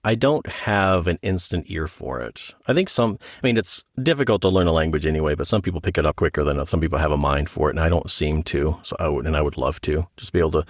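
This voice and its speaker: A man's voice: rumbling low, no echo, studio quality. A man being interviewed about his work as an audiobook narrator and author, talking in a casual, joking, self-deprecating way.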